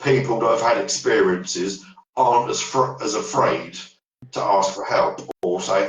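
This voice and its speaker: A deep-voiced man, a paranormal investigator appearing as a podcast guest, rambles through ghost stories at a measured pace, breaking off and restarting. The audio is echoey and far from the mic, with a little hiss or hum.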